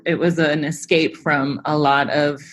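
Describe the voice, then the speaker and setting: A woman's voice: sits low, little pitch movement, measured pace, a little hiss or hum. A middle-aged woman interviewed as a guest, who laughs easily and lets her sentences trail off. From United States. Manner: warm, laughs easily, trails off mid-thought. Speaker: guest, embroidery artist. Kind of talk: casual interview chat.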